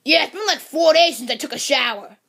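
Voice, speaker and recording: Brief: a woman playing a lazy, grumpy koopa king; gravelly, sharp-edged and very high, gruff and bossy. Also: expressive, a little fast, heavily acted.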